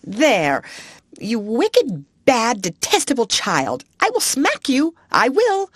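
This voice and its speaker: A woman voicing a flustered, plump middle-aged schoolmistress who pleads and scolds in a shrill voice. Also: big pitch swings, slow pace, a bit bright, dry recording, studio quality, full character voice. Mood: frantic scolding.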